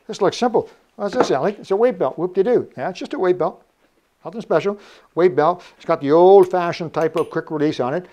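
A man's voice: sits high, fairly quick, dark tone, a little hiss or hum. An older man from Canada hosting a casual show-and-tell about vintage diving gear, chatty and joking. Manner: chatty, jokey, laughs often. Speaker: vintage scuba show host.

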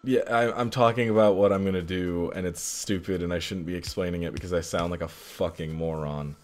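A man's voice: low voice, steady tone, fairly quick, a little mellow. A young man casually commentating his own gameplay, frustrated and muttering at himself about his mistakes. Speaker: gaming channel host. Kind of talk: casual let's play commentary.

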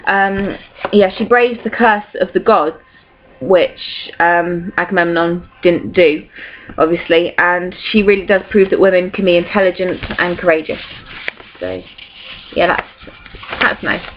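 A woman's voice: lowish voice, unhurried, highs cut off, slight background noise. A young woman in her late teens, casually talking through revision notes with lots of fillers, now and then acting out quotes in playful voices. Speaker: student revising for exams. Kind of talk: casual revision talk to camera.

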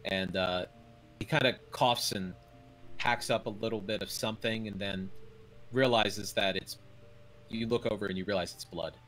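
Low-voiced dungeon master narrating. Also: male voice, moderate pace, soft background music, low-quality recording. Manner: relaxed narration full of "uh" fillers. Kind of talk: narrating a tabletop game.

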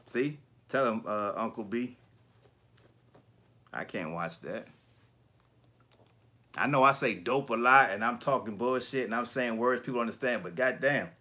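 A man hosting a casual livestream chat about collectibles, talking in slangy, profane bursts and animated storytelling. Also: medium pitch, measured pace, pauses often. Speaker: YouTube collector channel host.

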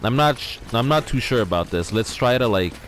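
A young man hosting a let's play, excitedly exclaiming and talking to his viewers from his garage. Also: medium pitch, a little fast, slight background noise. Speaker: gaming channel host. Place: home garage.

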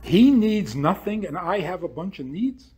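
A man's voice: high voice, big pitch swings, measured pace, darkish tone, husky. A man speaking as a rabbi, lecturing an audience with provocative rhetorical questions and acting out what imagined people would say.

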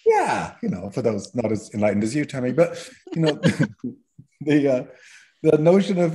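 A man's voice: on the high side, very animated, a little slow, warm tone. A man teaching as a podcast guest, explaining in a chatty way and tagging his points with "right?". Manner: explanatory, peppers talk with "right?". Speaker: guest therapist trainer.

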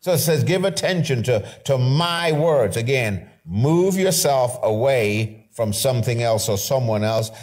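A man's voice: lowish voice, darkish tone. Emphatic man preaching a sermon. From Canada. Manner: emphatic preaching, slows right down on scripture quotes, repeats key phrases. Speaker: pastor.

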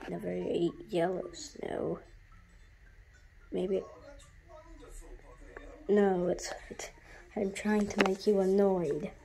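A woman's voice: mid-range voice, fairly even intonation, slow pace, creaky, long pauses, dark tone. A woman streaming a game, chatting in a silly, contrary, sing-song teasing way. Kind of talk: playful game commentary.

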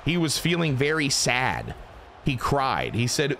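A man's voice: mid-range voice, sing-song, normal speed, fairly bright tone, soft background music. A man giving casual, profane, joking play-by-play commentary while playing a football video game. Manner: joking, profane, self-deprecating. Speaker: gaming video host.

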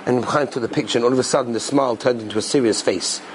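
A male rabbi telling an inspirational story in an animated way, repeating phrases for emphasis. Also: medium pitch, rapid-fire, a little hiss or hum, low-quality recording.

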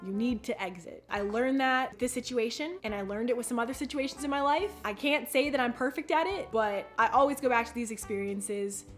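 A young woman telling a casual storytime vlog, chatty and animated, acting out quoted texts and peppering her talk with "like". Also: on the high side, brisk, hardly any pauses, faint music behind.

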